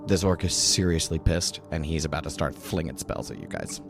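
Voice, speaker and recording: A man narrating a tabletop role-playing game as dungeon master, describing scenes in a lively way. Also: rumbling low, fairly quick, creaky, over music.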